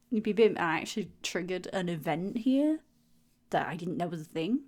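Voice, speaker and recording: Young woman nattering over her game footage, giggly, pops into a squeaky voice for her own thoughts. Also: fast talker, a little mellow. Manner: chatty and giggly, acting out silly inner dialogue in a higher voice. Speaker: gaming video creator. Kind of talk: casual voiceover commentary. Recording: voiceover recorded at home on a mic.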